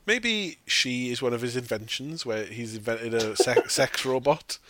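A man's voice: medium pitch, unhurried, fairly bright tone. A man chatting casually about a film, swearing often and laughing as he mocks the characters. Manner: swears freely, mocks characters in put-on quotes, laughs while talking. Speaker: podcast host. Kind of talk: casual film review chat.

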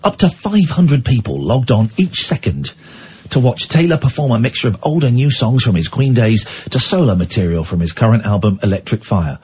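A man's voice: mid-range voice, sing-song, moderate pace, darkish tone, husky. A man hosting a radio phone-in, rambling and chatty, reading news items aloud with asides. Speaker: radio show host. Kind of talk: casual talk radio with listener calls.

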